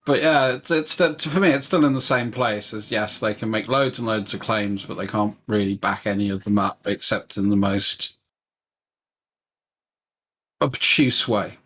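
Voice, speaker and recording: A Scottish man chatting in a casual online debate, hesitant with many restarts and a dry, dark humor. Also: fairly low pitch, fairly even intonation, normal speed. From Scotland. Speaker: discussion participant.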